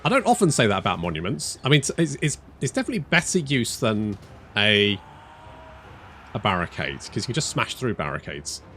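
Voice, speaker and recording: A man's voice: fairly low pitch, very animated, fairly quick, fairly bright tone, a little hiss or hum. A man giving casual commentary while playing a strategy game, thinking aloud, restarting phrases, swearing freely and making dry jokes at his own expense. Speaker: strategy game let's player.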